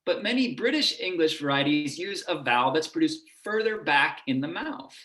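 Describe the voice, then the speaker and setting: A man with a lower Midwest American accent giving an online lecture and demonstrating vowel sounds as he explains. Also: expressive, normal speed, fairly bright tone, echoey room. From United States.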